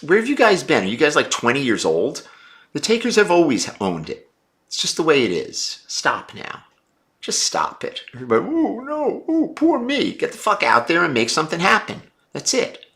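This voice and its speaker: A man's voice: medium pitch, wildly swooping pitch, normal speed, a bit bright. A man hosting a casual live stream, answering viewer chat in a blunt, brash and profane way.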